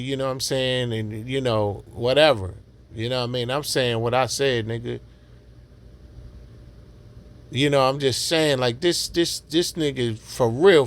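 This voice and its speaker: A man giving casual reaction commentary on a podcast clip, ranting and mocking in street slang. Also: medium pitch. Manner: ranting, mocking, repetitive slang-heavy rant.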